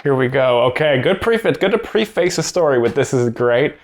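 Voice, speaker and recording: A man's voice: on the high side, animated, brisk. A man hosting a parody commentary, explaining comedy in an earnest, mock-serious way. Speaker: host, mock joke explainer.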